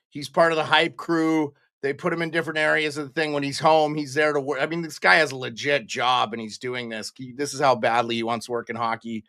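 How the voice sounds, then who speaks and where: A man's voice: a little high, bright, forceful tone, clear, resonant tone, no echo, clean studio sound. A young man hosting a casual pre-game live stream, chatting and greeting viewers by name.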